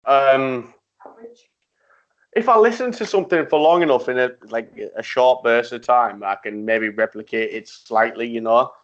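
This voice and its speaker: A man's voice: medium pitch, normal speed. Easygoing man on a dull-sounding line. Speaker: podcast co-host. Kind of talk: casual chat.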